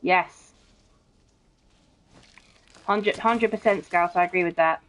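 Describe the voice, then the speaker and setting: Streaming a game, this young woman chats and reads viewer comments aloud, speaking bluntly with plenty of swearing and frequent "bro"s. Her voice is on the low side, slow and fairly bright, coming through muffled, dull stream audio.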